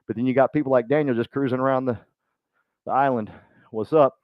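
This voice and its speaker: A man speaking to a live group at a business meeting, joking and acting out quick voices as he goes. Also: mid-range voice, steady tone, dry recording, narrow, tinny audio. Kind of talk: motivational talk to a live group.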